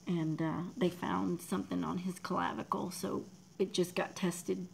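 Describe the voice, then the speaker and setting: Lady in her 40s on a livestream, low gravelly voice, soft and emotional, faint hiss behind. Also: little pitch movement, unhurried, low-quality recording. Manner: emotional, talks softly, drops to near whispers; reads out and thanks viewers in chat. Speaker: livestream host. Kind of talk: casual livestream chat.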